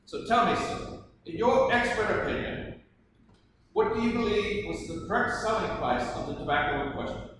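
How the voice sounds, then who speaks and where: A man plays a theatrical colonial lawyer with an Irish accent, leaning on leading questions. The voice is high-set, heard from afar in a booming hall with clear background noise. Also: expressive, normal speed. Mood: showy. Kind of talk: live historical courtroom reenactment. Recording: echoey hall, distant mic, background noise.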